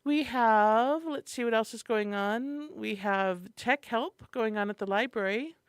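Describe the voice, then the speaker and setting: A woman's voice: on the high side, unhurried, smooth, dry recording, studio quality. A woman co-hosting a morning radio show, cheerfully running through a list of community events. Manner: chatty and enthusiastic, reading a calendar. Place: radio studio. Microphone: studio microphone.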